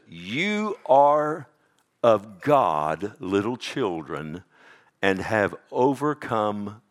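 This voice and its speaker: A man preaching a sermon in an animated, swinging delivery. He punches key words loudly, then drops to an intense hush. He keeps checking in with the congregation as he goes. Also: mid-range voice. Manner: animated preaching, swinging from loud emphatic bursts to hushed intensity; calls out "Amen?" to the congregation. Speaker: pastor.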